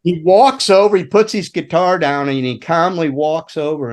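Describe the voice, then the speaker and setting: A man on the high side of the pitch range talks at normal speed with few pauses, recounting road stories as a guest on a laid-back podcast. The former roadie is profane and lively, voicing the people he quotes.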